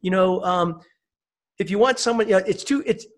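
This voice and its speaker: Upbeat high-voiced man chatting. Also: normal speed. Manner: upbeat, chatty, lots of "you know" and "right". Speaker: podcast guest. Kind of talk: casual conversation.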